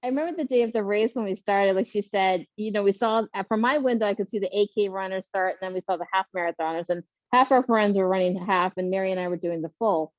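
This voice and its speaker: Woman panelist, animated storyteller, dry muffled sound, mid pitch. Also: fast talker, hardly any pauses, no echo. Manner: animated, laughing, acts out quotes. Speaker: panelist, first-time marathoner.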